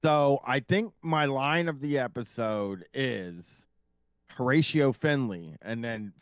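A man co-hosts a casual podcast about a TV show, speaking bluntly and joking around with plenty of swearing. His voice sits at a middle pitch. The recording is close and dry. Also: expressive, takes it slowly, smooth, no echo. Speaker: podcast co-host. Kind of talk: casual TV recap chat.

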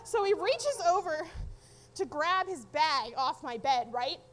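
Woman, very high pitch, lively swooping delivery, young adult, live storytelling, blunt and profane, wry. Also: slow pace.

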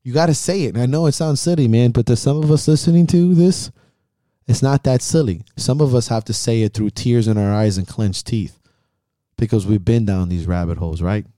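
A man's voice: medium pitch, a little fast, warm tone, dry recording, studio quality. A man hosting a podcast, giving a heavily profane, intense motivational pep talk in a casual chat. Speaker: podcast host.

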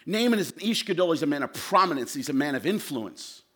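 A man preaching in a church, his fairly high voice bright and forceful. He moves from shouted, fervent lines to low, intimate asides as he speaks to the congregation. The delivery is that of a pastor's sermon. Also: lively intonation, fast talker.

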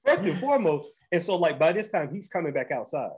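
A man, hosting a podcast and telling a story in animated casual chat, often restarting and saying "bro". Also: fairly high pitch, fairly quick, husky, rough recording. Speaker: podcast host.

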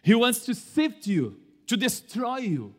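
Male pastor, high voice, unhurried sermon, long echo of a church hall. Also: big pitch swings. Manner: slow, deliberate delivery with dramatic swings in pitch and loudness.

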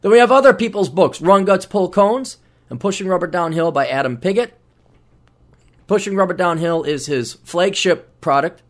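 A man hosting a podcast in a rambling, casual monologue, swearing freely and acting out quick voices as he talks. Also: sits high. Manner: rambling, profane, animated, acts out voices. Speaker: podcast host. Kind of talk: casual monologue plugging books.

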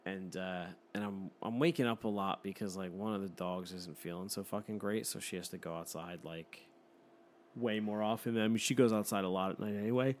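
A man's voice: low-pitched, fairly even intonation, fairly quick. A man in his thirties telling a story in casual chat, swearing freely and laughing often.

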